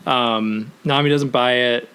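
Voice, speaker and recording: A young man co-hosting a casual podcast, animated, laughing often and acting out quotes. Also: mid-range voice, takes it slowly, clean tone. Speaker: podcast co-host. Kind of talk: casual chat.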